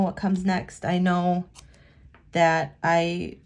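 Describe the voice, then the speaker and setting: A woman vlogger talking in a halting, emotional way while working on her planner at a home desk. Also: lowish voice. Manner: halting, emotional, many restarts. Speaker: planner vlogger and immigration attorney. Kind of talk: casual talk while decorating a planner.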